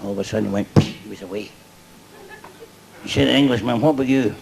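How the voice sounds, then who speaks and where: A man's voice: on the low side, fast talker, gravelly, darkish tone, rough recording. An older Scottish man doing a stand-up routine before a live audience, chatty and cheeky, laughing at his own jokes. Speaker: stand-up comedian.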